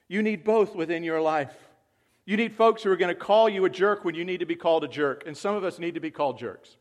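A man preaching a sermon, moving from quiet, reflective talk to loud, excited calls to the congregation. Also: a little high. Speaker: pastor.

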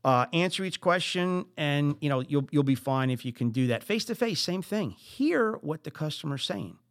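A middle-aged man with a New Jersey accent hosting a podcast, giving business advice in an animated way with high emphatic bursts. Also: normal speed, no echo, clean studio sound. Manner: animated, acts out exasperated quotes, rising into high emphatic bursts. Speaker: podcast host.

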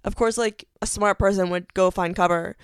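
A woman's voice: mid-range voice, fairly even intonation, normal speed, clean tone, no room sound, studio quality. A young woman hosting her own podcast, telling a story in bubbly, gushing casual chat full of fillers. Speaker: podcast host.

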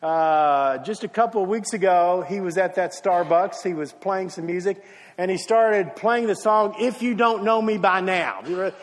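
A male pastor preaches a sermon, telling a story, acting out the quotes and briefly singing. His voice is high at a moderate pace, with long hall reverb from the church sanctuary.

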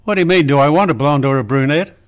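A man playing a veteran older Australian radio host, wry and unhurried, in a comedy radio sketch. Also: a little high, lightly acted. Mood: dry.

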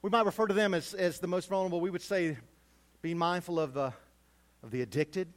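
A middle-aged man delivers a sermon as pastor, his voice sitting a little high. He preaches animatedly, building to loud, emphatic peaks and then dropping to quiet, low asides. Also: fairly quick.

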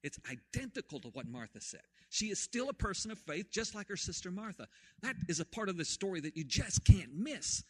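A man preaching a sermon, retelling a story with swings from hushed to loud. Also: high voice, sing-song, brisk, slightly rough. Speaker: pastor.

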